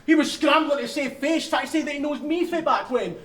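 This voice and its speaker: A man's voice: very high-pitched, fairly quick. A Scottish man performing crude, taunting bars in a live rap battle, often laughing at his own lines, in a large venue. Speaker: battle rapper. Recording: echoey hall with loud crowd.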